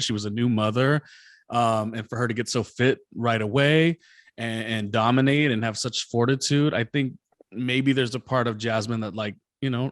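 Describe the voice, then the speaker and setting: A man hosting a casual recap podcast, rambling and hesitant, filling pauses with lots of ums. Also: mid-range voice, no room sound, clean studio sound. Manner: rambling, hesitant with many fillers. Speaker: podcast host.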